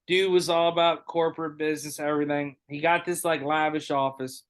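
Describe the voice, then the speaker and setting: A man hosting a podcast, telling a story in a casual, animated way with lots of swearing and acted-out dialogue. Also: fairly high pitch, fairly quick, clean tone. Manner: animated, profane, acts out others' lines. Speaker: podcast host.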